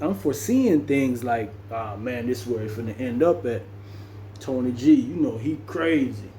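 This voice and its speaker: A man's voice: medium pitch, mellow, slight background noise. A man from Jamaica telling a story in a slangy, loose, rambling conversational way. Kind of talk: casual storytelling.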